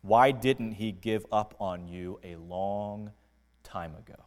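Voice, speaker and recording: A man preaching a sermon as pastor, earnest and deliberate, dropping to quiet lines and rising to emphatic ones. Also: lowish voice, long reverb tail. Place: church sanctuary.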